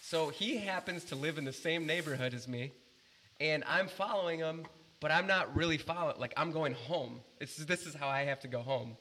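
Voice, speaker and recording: A man telling a story in casual chat, animated and swearing freely, rambling with restarts. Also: fairly high pitch, normal speed, slight background noise.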